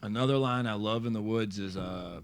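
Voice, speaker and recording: A man's voice: fairly low pitch, normal speed. A man co-hosting a casual movie podcast, chiming in to bring up his favorite lines. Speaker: podcast co-host.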